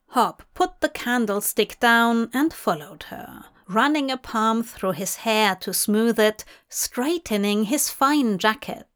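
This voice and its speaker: A woman reads a fan fiction story aloud, taking her time over each sentence. Her voice sits slightly high and her delivery is slow and deliberate. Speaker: fanfiction reader. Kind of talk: storybook narration.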